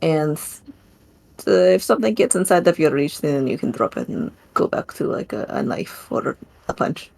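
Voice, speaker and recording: A woman's voice: deep voice, animated, moderate pace, creaky, a little mellow. A woman narrating her character's actions in a tabletop game, rambling with laughing asides. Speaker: player. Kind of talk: tabletop role-play narration.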